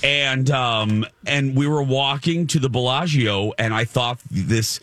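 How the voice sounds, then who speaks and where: A man's voice: medium pitch, a little slow, fairly bright tone, no room sound. A man in his forties, a radio host, telling rambling self-mocking stories in casual chat. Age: 40s.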